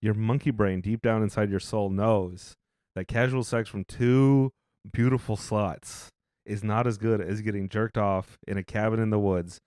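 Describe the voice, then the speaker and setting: Deadpan, teasing male podcast co-host. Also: on the low side, moderate pace, smooth, dry recording, clean studio sound. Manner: teasing, deadpan jokes, stumbling restarts. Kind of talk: casual banter.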